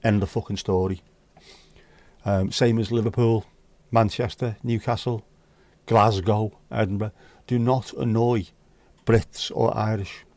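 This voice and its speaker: A man's voice: lowish voice, steady tone, unhurried, mellow, no echo. A man from the United Kingdom hosting a casual livestream chat, talking bluntly and swearing freely. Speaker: livestream host.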